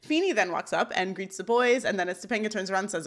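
A woman's voice: mid-range voice, very animated, brisk, few pauses. Laughing woman recapping scenes. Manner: reads scene recaps aloud, laughs often. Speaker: podcast co-host. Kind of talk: casual recap chat.

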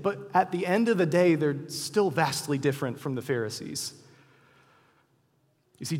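A man preaching a sermon as pastor, earnest and animated, acting out quotes in lively voices. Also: fairly high pitch, slightly rough, in a large hall.

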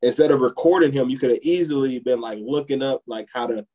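A man co-hosting a podcast who talks at a middling pitch in a loose, rambling way. He piles up filler words as he tells a story to his friends. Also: quick pace, warm tone, poor audio. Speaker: podcast co-host. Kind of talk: casual chat.

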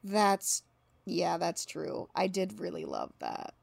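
A woman's voice: lowish voice, wildly swooping pitch, slow pace, gravelly, darkish tone, no room sound. A young woman co-hosting a book podcast, chatting casually, laughing a lot and acting out her reactions. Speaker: podcast co-host.

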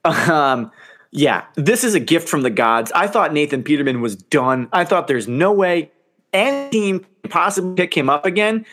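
A male sports podcast co-host with a slightly higher voice chats casually about football. He is animated, laughs easily and lets the odd curse slip. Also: normal speed. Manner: animated, laughs often, swears.

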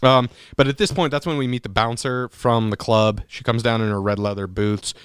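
Man for a loose podcast chat, animated and profane, smooth tone, dry recording. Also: mid-range voice, moderate pace, dry recording. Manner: animated, swears freely, restarts often. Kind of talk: casual profane movie chat.

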